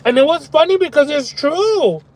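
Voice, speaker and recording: Brief: very high-pitched man, profane excitable live streamer eating in his car. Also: moderate pace, rough recording. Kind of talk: casual live-stream chat while eating.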